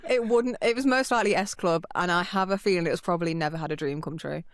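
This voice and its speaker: Brief: woman, podcast co-host, lively storytelling, close dry mic. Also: fairly low pitch, quick pace, no echo. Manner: animated, swears freely, acts out quoted voices. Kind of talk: casual storytelling chat.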